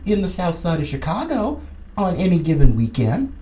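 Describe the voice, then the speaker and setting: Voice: medium pitch, moderate pace. A middle-aged podcast host giving a combative, sarcastic political commentary monologue. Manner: combative and sarcastic, lively emphasis. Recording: roomy echoey room.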